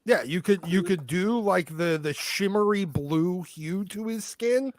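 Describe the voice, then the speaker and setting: A man's voice: high-pitched, unhurried, no room sound, studio quality. A man on a comics panel, talking emphatically and swearing when riled. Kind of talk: casual panel chat.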